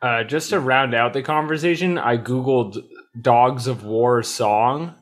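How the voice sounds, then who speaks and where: A man co-hosting a casual comedy podcast, tossing in quick sardonic one-liners, with an American accent. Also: mid-range voice. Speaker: podcast co-host.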